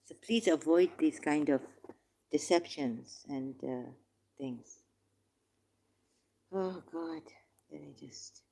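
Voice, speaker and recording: A woman's voice: sits low, slow pace, pauses often, warm tone. A woman in a heated religious debate who reads verses aloud and insistently corrects the other speaker. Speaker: debate participant.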